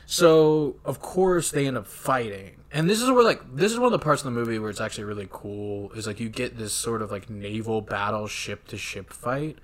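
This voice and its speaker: A man's voice: mid-range voice, fairly quick, hardly any pauses. A man casually recapping a film with lots of swearing, acting out the characters' lines. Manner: profane, animated, acts out characters. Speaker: podcast co-host. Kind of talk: casual movie recap chat.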